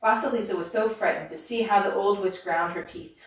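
A woman reading a fairy tale aloud as a bedtime story in steady, even narration. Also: medium pitch, brisk. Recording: roomy, distant mic.

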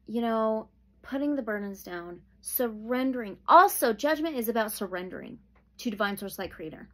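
A woman giving a pick-a-pile tarot reading, slow and soothing, with sudden excited outbursts. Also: mid-range voice. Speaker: tarot reader.

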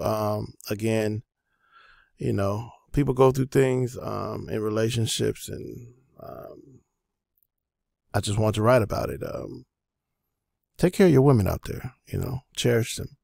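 A man hosting a casual music production tutorial, talking in a laid-back, loose way with many pauses and fillers. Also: medium pitch, vocal fry, a little mellow, no room sound.

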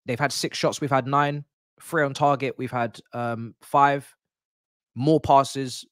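Excitable fan host, dry sound. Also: male voice, medium pitch, slow pace, dry recording. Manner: excitable, chatty fan talking to viewers. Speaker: football fan channel host. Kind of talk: live match watch-along commentary.

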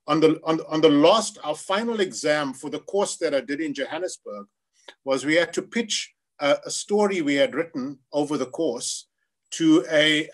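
Man from South Africa, interview guest, lively storytelling, mic voice on the higher side. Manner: animated storyteller, acts out quoted voices. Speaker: screenwriter guest.

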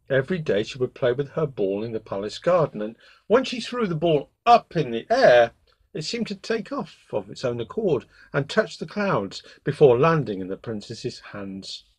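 Husky, lively storytelling man. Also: medium pitch. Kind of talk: bedtime story reading.

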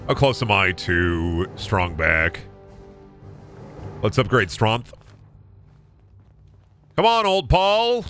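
A man's voice: fairly low pitch, bright, forceful tone. A man casually commenting on his game as a streamer, joking, swearing and riffing on voice impressions.

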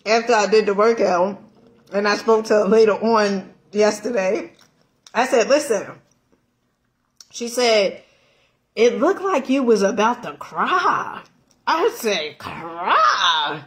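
A middle-aged woman vlogging, telling a story in a casual, animated way, laughing often, with slang and emphatic swearing. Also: medium pitch, slow, long pauses. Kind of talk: casual storytelling chat while eating.

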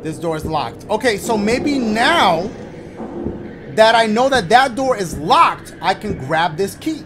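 Lively, high-voiced joking gamer man. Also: measured pace, music in the background. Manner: joking, profane running reactions, yelps when startled. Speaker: gaming channel host. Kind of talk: casual let's-play commentary.

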